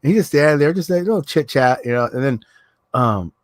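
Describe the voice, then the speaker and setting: A man's voice: on the high side, expressive, a little fast, dry recording. A middle-aged man telling a rambling story in casual voice chat, full of fillers and laughter. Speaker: voice chat participant.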